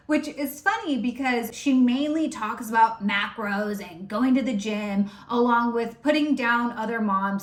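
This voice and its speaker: Commentary host, woman, sarcastic and profane, higher voice, roomy echo. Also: fairly bright tone. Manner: mocking, profane, sharply sarcastic.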